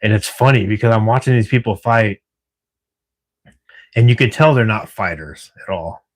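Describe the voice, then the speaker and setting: Lower-voiced, chatty livestreaming man. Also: moderate pace. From Washington State, US. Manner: chatty, laughs easily, swears casually. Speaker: livestream host. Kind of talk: casual live-stream chat with viewers. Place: at work at night.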